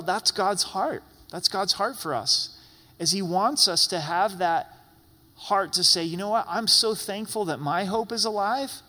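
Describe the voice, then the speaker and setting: A middle-aged male pastor preaches with earnest force and bursts into loud exclamations now and then. His voice is bright and sits a little high for a man. A long reverb hangs after each phrase. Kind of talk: sermon.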